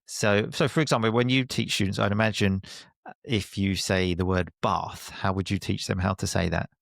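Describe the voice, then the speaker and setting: Essex guy, gravelly lowish voice, chatty and self-deprecating, laughs a lot, dry close mic. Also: fairly even intonation, moderate pace, dry recording. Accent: Essex English, softened. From Essex, England. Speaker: guest, English teacher and podcaster. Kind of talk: casual conversation.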